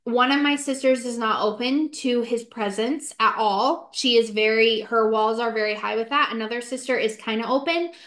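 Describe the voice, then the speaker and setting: A woman's voice: fairly high pitch, normal speed, few pauses, fairly bright tone. A woman co-hosting a podcast, talking earnestly and matter-of-factly in casual chat. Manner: earnest, matter-of-fact about spirits. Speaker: podcast co-host. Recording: roomy.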